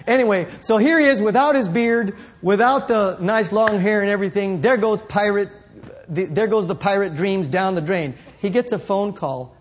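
A male preacher telling a story in a sermon, rambling and correcting himself, building up to shouts. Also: sits high, moderate pace.

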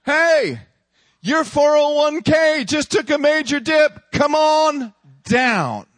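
A man's voice: very high-pitched, lively intonation, slow, fairly bright tone, no echo, voice pushed up, heavily acted. A man voicing a taunting devil who jeers and mocks, in a sermon. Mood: jeering. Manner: mocking, jeering calls. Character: taunting devil luring believers down.

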